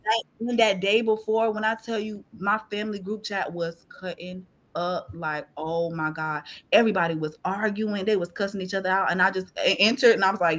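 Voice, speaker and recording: A woman guest on a podcast, sharing a personal faith testimony in an animated, laughing, tearful storytelling way. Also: mid-range voice, a little fast, few pauses. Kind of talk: testimony in casual chat.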